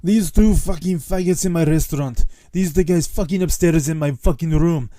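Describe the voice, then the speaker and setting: A man's voice: fairly high pitch, normal speed, dry recording, pitched above the performer's own voice, lightly acted. A man putting on a Greek accent to play an angry old Greek restaurant owner who curses furiously. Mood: furious ranting. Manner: cursing, furious, shouting.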